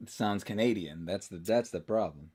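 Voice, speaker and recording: A man's voice: low voice, normal speed, darkish tone, slightly rough. A man hosting a livestream in casual chat, talking loosely and restarting his sentences often. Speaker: livestream host.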